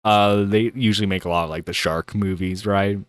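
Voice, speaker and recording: A man's voice: fairly low pitch, steady tone, clear, resonant tone, no echo, studio quality. A man hosting a livestream, chatting casually and laughing as he reacts to a video. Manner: chatty, laughing, halting with fillers. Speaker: streamer host.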